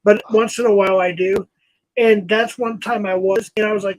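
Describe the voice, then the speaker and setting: Chatty guy in his 50s hosting a live stream, kinda high voice, rambles on to the viewers. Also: steady tone, a little fast, no echo, poor audio. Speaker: host. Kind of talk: casual live-stream chat.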